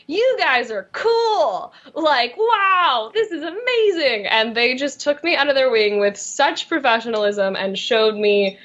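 A woman's voice: on the high side, fairly bright tone, dull audio. A young actress chatting casually in an interview, bubbly and self-deprecating, often restarting her sentences. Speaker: voice and motion capture actress, guest.

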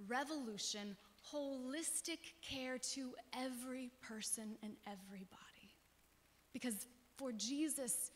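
A woman pastor giving an earnest, conversational sermon with emphatic pauses. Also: a little high, a bit bright. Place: church sanctuary. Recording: long church reverb.

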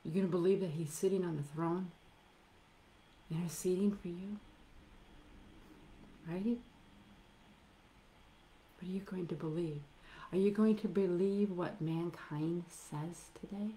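Slow, low-voiced middle-aged woman preaching. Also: steady tone, a little hiss or hum. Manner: emphatic, with slow drawn-out stresses and soft near-whispered asides. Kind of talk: sermon.

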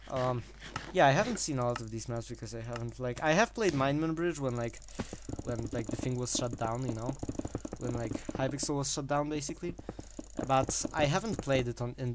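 A man talks through his own gameplay in a loose, rambling way, piling up fillers and breaking into short laughs between phrases. His voice sits at an ordinary middle pitch, with a faint hiss of noise under the recording. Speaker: gaming channel host. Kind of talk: casual gameplay commentary.

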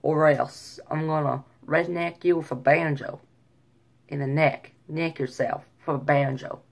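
A woman's voice: deep voice, steady tone, unhurried, gravelly, heavily acted. A woman putting on a Southern US accent as a mock-threatening redneck. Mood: mock threat. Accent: Southern US, put on.

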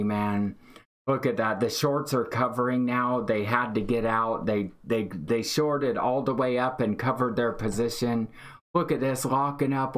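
Hyped man commentating live trades. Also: mid-range voice. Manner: excited, hyped, reads chat aloud. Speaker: day-trading livestream host.

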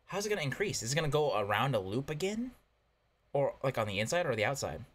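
A man giving casual gameplay commentary, excitable and talking to himself, yelping at close calls. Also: medium pitch, fast. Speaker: gaming YouTuber.

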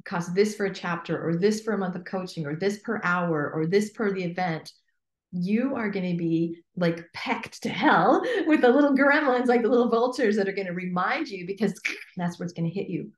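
With fairly low pitch and a brisk pace, this woman coach talks as a guest in an interview, emphatic and animated, often acting out imaginary inner voices. The room is echoey.

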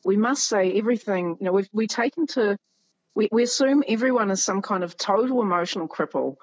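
A husky-voiced woman with a New Zealand accent, talking casually as a podcast guest. She tells stories with animation, laughs often and acts out the people she quotes. The sound is dull and very dry, like a remote call. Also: mid-range voice, fairly quick, dry recording. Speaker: guest musician and writer. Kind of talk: casual conversation. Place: home in Germany near the Polish border.

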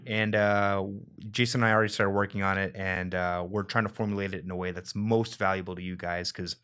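A man hosting a live stream, relaxed and laughing easily, with many fillers. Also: deep voice, fairly quick, slight background noise. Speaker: host. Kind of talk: casual live-stream chat.

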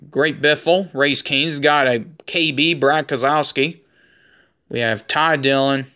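A man in his forties narrating a card-pack opening in casual commentary, rattling off names one after another and saying he is shaking with excitement. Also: on the high side, smooth. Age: 40s. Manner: rattles off names in a running list. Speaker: card collector opening packs.

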